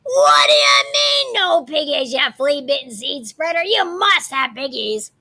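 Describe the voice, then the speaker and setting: A woman doing a screeching, gravelly old witch. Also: high-pitched, measured pace, exaggerated voice. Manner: screeches, shouts insults, hungry for pork. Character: cranky greedy old witch, screeching and bossy.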